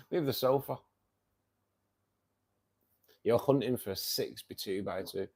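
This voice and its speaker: A man's voice: mid-range voice, expressive, slow, darkish tone, breathy edge. A man hosting a fishkeeping livestream, chatting casually with viewers, joking and laughing often. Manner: jokey, laughs often, teasing. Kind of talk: casual chat reading viewer comments.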